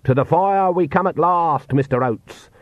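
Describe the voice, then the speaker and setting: A man's voice: a little high, no echo, muffled recording, pitched above the performer's own voice, lightly acted. A man doing a stern, wry old witch. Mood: dry commanding. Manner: blunt, wry, brisk. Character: stern old witch woman, dry and commanding.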